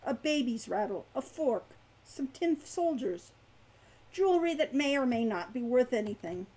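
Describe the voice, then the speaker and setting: A man's voice: extremely high pitch, moderate pace, full character voice, rough recording. A woman reading aloud and voicing an aloof young male spellcaster who speaks icily and scornfully. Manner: icy, scornful, calm.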